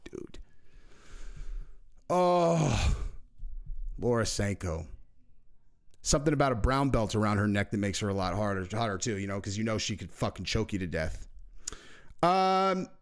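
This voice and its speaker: Brash, profane man. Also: mid-range voice. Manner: brash, profane, laughs at own jokes. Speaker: YouTube host. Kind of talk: crude casual commentary.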